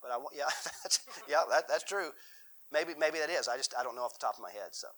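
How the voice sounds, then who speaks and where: Bright-voiced man teaching Bible study. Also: a little high, fast talker, low-quality recording. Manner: folksy, repeats himself, restarts sentences. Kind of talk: conversational sermon with Q&A.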